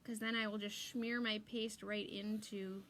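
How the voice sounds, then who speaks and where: A woman's voice: mid-range voice, level tone, measured pace, background noise. A middle-aged woman hosting a live crafting stream, chatting and rambling while she works and reads viewer comments aloud. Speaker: craft livestream host. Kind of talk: live crafting demo chat.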